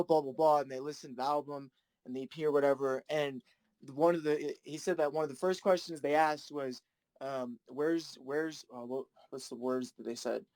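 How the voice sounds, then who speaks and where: Relaxed male musician guest, mid voice, chatty and loose. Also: medium pitch, dry recording. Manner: laid-back, rambling, laughs often. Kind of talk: casual chat.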